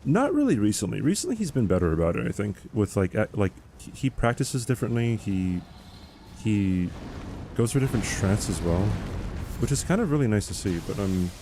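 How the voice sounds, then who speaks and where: A man with a lowish, mellow voice chats casually while streaming a game. He rambles through answers to chat questions, with a faint background hum. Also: big pitch swings, fairly quick.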